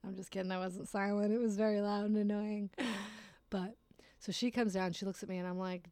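Lady rambling through a story, lots of swearing, low creaky fry voice, dry close mic. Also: level tone, a little fast, a little mellow, no echo. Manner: rambling, swears often, laughs at herself. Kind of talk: casual storytelling.

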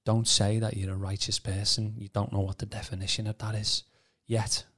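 Guy on a podcast, lowish voice, rambles a lot with restarts and "you know"s. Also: little pitch movement, normal speed, fairly bright tone. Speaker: podcast co-host. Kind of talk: casual personal testimony.

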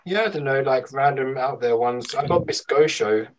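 A man's voice: mid-range voice, normal speed. A man in his twenties, reading out old messages with dry teasing in a casual chat.

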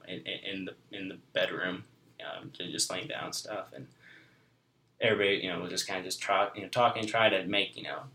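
Young guy telling his faith story, rambly, deep but bright voice, roomy echo. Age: 20s. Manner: rambling, full of fillers like "you know, like". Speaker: guest. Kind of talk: heartfelt personal testimony. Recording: echoey room.

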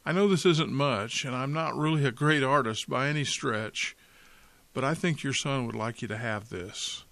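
A man's voice: mid-range voice, normal speed, vocal fry, fairly bright tone, no room sound. Man doing a humble young soldier, earnest, dry close sound. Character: grateful young male soldier.

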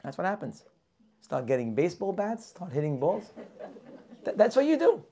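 Animated male rabbi, lecture voice, asks questions, acts out characters. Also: high-pitched, normal speed, slight background noise. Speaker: rabbi teaching a weekly class. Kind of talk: lively Torah class lecture.

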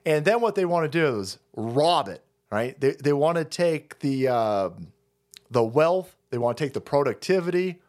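Man, livestream rant, sarcastic, profane, high-pitched, wildly swooping delivery. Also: expressive, normal speed, darkish tone. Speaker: streamer.

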